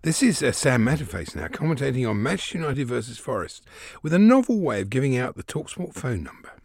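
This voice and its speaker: A man's voice: medium pitch, big pitch swings, fast talker, gravelly, darkish tone, slight background noise. A man co-hosting a radio clip show, bantering easily and chuckling at the clips. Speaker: radio co-host. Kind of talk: jokey clip-show presenting.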